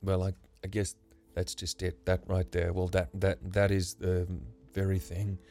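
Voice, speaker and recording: A man voicing a nervous, remorseful grown man who speaks in a halting, earnest way. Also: low-pitched, monotone, a little mellow. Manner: halting, earnest, stumbling confession.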